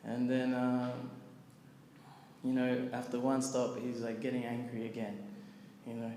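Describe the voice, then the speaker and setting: A man telling a lively story to a gathering, acting out the people in it as he goes. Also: mid-range voice, measured pace, pauses often. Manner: animated, acts out the people in his story. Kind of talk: storytelling talk. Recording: echoey hall, faint background noise.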